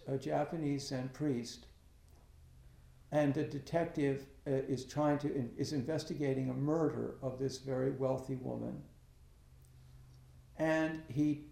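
A middle-aged man speaks slightly high for his age, with a gravelly edge to the voice. He tells a reflective story in halting bursts, full of restarts and fillers. The recording sits in a noticeably echoey room. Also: warm tone. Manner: halting, many restarts and "you know" fillers. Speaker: academic and Zen practitioner.

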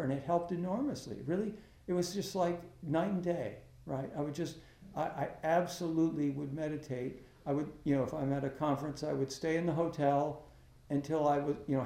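A middle-aged man, an academic who practices Zen, telling a reflective story in a halting way, with many restarts and fillers. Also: a little high, dark tone, reverberant.

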